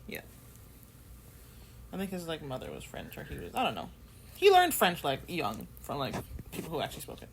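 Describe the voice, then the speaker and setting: A woman co-hosting a podcast in casual chat, telling stories in an animated, giggly way. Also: deep voice, brisk, vocal fry, long pauses, slight background noise. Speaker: podcast co-host.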